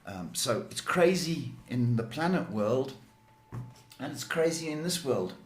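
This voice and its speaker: A male psychic host answers viewers' questions on a live stream, chatty and reassuring, often saying "okay" and "folks." His mid-range voice has lively intonation and a slightly slow pace, recorded in an echoey room.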